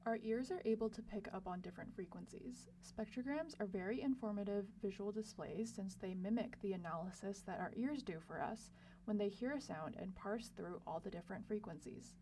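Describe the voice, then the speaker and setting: A young woman narrates a scripted lesson, explaining each point in a clear, measured way. Her voice sits at an ordinary middle pitch and sounds a little distant from the mic, with a faint hum underneath. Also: mellow. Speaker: lab student presenter.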